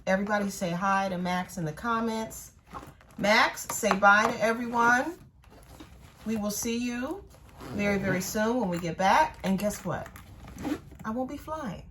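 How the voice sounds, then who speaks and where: A middle-aged woman vlogging casually, playful and animated, chatting to her pet and her viewers. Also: medium pitch, a little slow. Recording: faint background noise.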